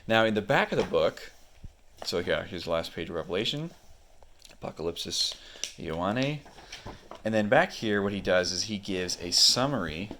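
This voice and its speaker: A man's voice: deep voice, expressive, moderate pace, pushed and bright, slight background noise. A man casually reviewing a book as he leafs through its pages, explaining unhurriedly with frequent fillers.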